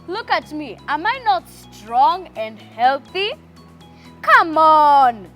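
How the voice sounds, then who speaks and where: A sly, persuasive serpent, as a woman puts him on for a children's storybook, whispery and coaxing. He speaks slowly with a lively, swooping pitch and a faint music bed behind him. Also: heavily acted. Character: sly tempting male serpent.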